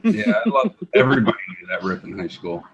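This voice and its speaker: A man's voice: medium pitch, huge pitch swings, fast talker, vocal fry, highs cut off. A man in casual podcast chat, making laid-back, chuckling asides. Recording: noisy recording with clicks.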